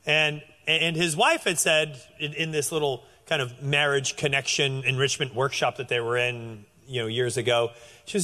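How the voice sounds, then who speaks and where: A man preaching a sermon in a conversational, animated way, often restarting his phrases. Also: mid-range voice, moderate pace, big-room sound. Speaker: pastor.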